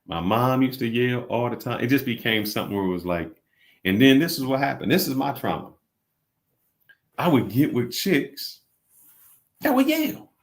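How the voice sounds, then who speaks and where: Animated man telling stories in casual chat. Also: medium pitch, normal speed. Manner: animated storyteller, acts out quotes. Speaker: vlog co-host.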